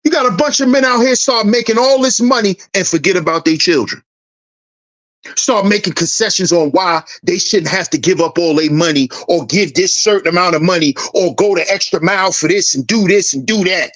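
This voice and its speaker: A man's voice: sits high, normal speed, a bit bright. A man hosting a commentary channel, preaching an emphatic rant that repeats lines for effect and swears freely. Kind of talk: ranting social commentary.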